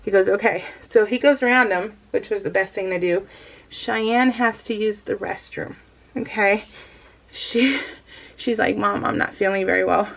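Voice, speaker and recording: Her voice sits at medium pitch with a creaky edge, moving at a moderate pace through a low-quality recording. A middle-aged scrapbooking vlogger, she chats her way through a story, laughing often and sometimes coughing as she heals from a tonsillectomy.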